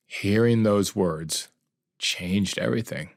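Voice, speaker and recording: A man's voice: low-pitched, a little slow, creaky. A man hosting a podcast, narrating a personal story in an earnest, reflective and heartfelt way. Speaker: podcast host.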